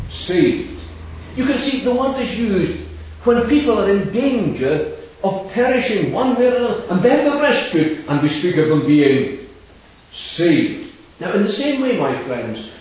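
A man preaching a gospel sermon, stressing key words and repeating the main verse slowly. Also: sits high, darkish tone. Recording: echoey distant hall sound, dull.

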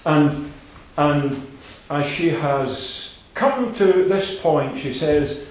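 A man preaching a sermon, emphatic and repetitive, swinging between loud declarations and soft asides. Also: a little high, expressive, very slow. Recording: very echoey hall.

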